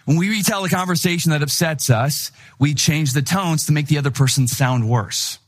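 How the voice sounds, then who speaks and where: A middle-aged man preaching a sermon in an animated, conversational way, acting out the people he quotes. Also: fairly high pitch, normal speed. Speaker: pastor.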